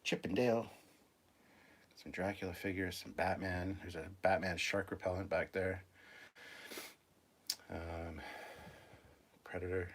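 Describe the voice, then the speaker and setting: Deep-voiced man rambling through a show-and-tell. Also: measured pace, long pauses. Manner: relaxed, rambling, self-deprecating. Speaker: channel host. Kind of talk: casual livestream show-and-tell. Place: upstairs room at home filled with collectibles.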